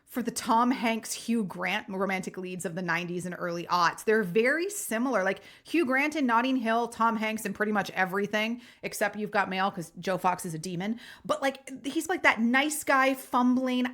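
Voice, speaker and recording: A woman's voice: mid-range voice, moderate pace, a bit bright. A woman co-hosting a podcast, chatting casually about old films, swearing freely and acting out characters' lines. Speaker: podcast co-host. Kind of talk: casual film-review chat.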